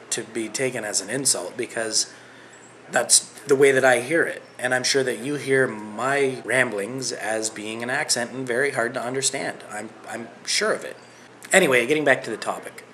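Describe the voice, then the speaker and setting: A man's voice: mid-range voice, fairly bright tone, a little hiss or hum. A middle-aged Canadian man with a Canadian accent, chatting loosely and rambling in a video response to another vlogger.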